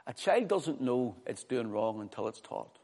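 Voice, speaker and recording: A man preaching a sermon, animated, often repeating words as he restarts and acting out the voices of people he quotes. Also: mid-range voice, moderate pace. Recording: reverberant hall.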